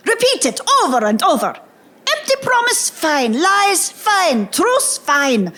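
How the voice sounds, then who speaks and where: A woman's voice: a bit bright, heavily acted. Woman playing a smug German propaganda minister. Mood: lecturing. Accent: put-on German. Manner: boastful, mock-instructive, shifting pitch. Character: male Nazi propaganda minister, smug lecturer. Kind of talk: musical comedy acting.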